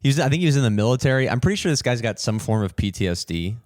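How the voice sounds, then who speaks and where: A young man hosting a podcast, telling a story in an animated, swearing rant and mimicking people in higher voices. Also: racing, no room sound, clean studio sound. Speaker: podcast host, comedian.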